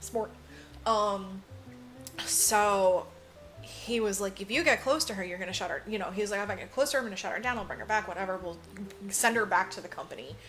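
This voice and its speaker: Against faint background music, a woman with a medium-pitched, fairly bright voice talks fairly quickly as she co-hosts a podcast. She casually recaps a movie, performs the characters' dialogue, curses freely, and fills her speech with "like."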